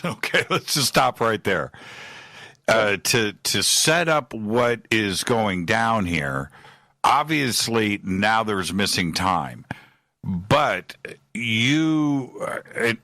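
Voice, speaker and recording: A male radio host with a lowish but bright, forceful voice, energetic as he recaps and presses his guest. The sound is close and dry. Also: dry recording. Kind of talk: radio interview.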